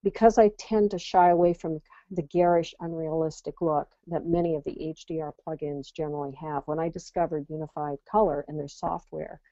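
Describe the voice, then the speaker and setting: A woman getting over a cold, with a scratchy, hoarse voice, presenting a webinar as an enthusiastic, friendly guest speaker. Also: low voice, fairly even intonation, a little fast, dark tone, dry recording. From Las Vegas, USA. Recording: dull lo-fi webinar audio.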